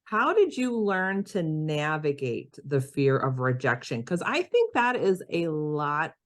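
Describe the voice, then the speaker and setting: A woman's voice: low-pitched, very animated, a little slow. Encouraging woman podcast host. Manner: affirming, encouraging interviewer. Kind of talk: interview questions.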